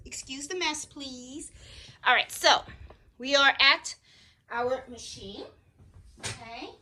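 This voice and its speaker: A woman's voice: sits high, takes it slowly, long pauses, bright, forceful tone. A woman hosting a casual crafting how-to vlog from her home craft room, chatting to viewers and often checking in with an "okay?". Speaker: crafting channel host. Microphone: camera on a tripod. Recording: echoey room, faint noise.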